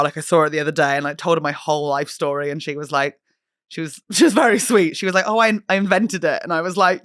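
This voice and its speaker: A young woman chats on her podcast with a bright, clear tone, telling stories in an animated, giggly way. She is recorded close up on a dry mic with no room sound. Her pitch sits in the middle of the range. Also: dry recording. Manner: giggly, animated storytelling, swearing. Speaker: podcast host and comedian. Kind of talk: casual chat.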